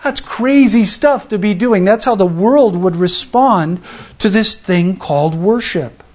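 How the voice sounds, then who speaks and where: A man with a notably high voice preaching a sermon. He tells the story in a relaxed, conversational way, stumbling over and restarting his sentences as he goes. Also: measured pace. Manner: conversational, acts out the people in the story; frequent restarts and fillers. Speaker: pastor.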